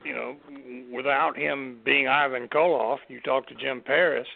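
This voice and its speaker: A man co-hosting a casual talk show, rambling and halting with lots of fillers. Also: mid-range voice, steady tone, gravelly, no room sound. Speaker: co-host. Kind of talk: casual podcast chat. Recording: tinny phone-line audio.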